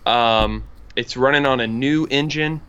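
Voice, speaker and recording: Bright-voiced male podcast co-host. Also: medium pitch, a little slow, clear, resonant tone, highs cut off. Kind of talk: casual chat.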